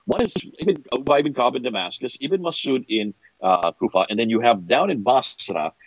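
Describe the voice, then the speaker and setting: A man's voice: medium pitch, animated, moderate pace, slight background noise, rough recording. A middle-aged man talking as a guest speaker, explaining at length with incredulous asides and checking that the listener follows. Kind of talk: animated explanatory talk.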